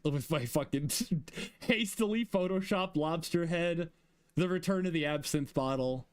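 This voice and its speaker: A man's voice: a little high, unhurried, clear, resonant tone, no echo. Giggly, rambling man on a dry mic. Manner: laughs often, rambling with restarts. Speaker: streamer ranking fan fiction chapters. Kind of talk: casual stream chat.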